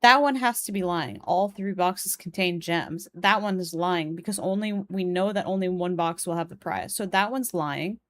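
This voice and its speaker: A woman's voice: lowish voice, moderate pace, hardly any pauses, no room sound. A young woman with a Polish accent, streaming a puzzle game and chatting as she plays, reading the game's text and viewers' messages aloud. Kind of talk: live game stream commentary.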